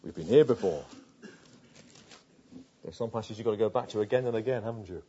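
Male preacher, earnest, rhetorical, mellow and husky; lo-fi recording. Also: on the low side, a little fast. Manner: earnest storytelling with rhetorical questions, hushed at tender moments. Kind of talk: sermon. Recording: dull lo-fi sound.

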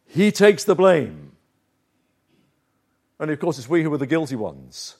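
A man preaching from the pulpit in an earnest, emphatic sermon. His voice sits a little high for a man, and he takes his time, leaning hard on the key phrases. The delivery is measured and deliberate throughout. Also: animated.

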